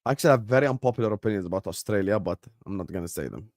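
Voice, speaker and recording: A man whose first language is Arabic hosts a football watchalong stream, joking and bantering casually with his chat. His lowish, slightly mellow voice is animated and racing, recorded in studio quality with no room sound.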